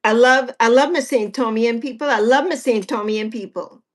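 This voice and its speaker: A woman's voice: fairly high pitch, moderate pace. A woman in her sixties hosting a casual livestream chat with viewers, playful and teasing. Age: 60s. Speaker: livestream host.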